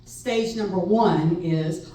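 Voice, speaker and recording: A middle-aged woman telling a personal story live on stage, wry and animated, laughing between lines. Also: on the low side, slow pace. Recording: echoey room, far mic, faint noise.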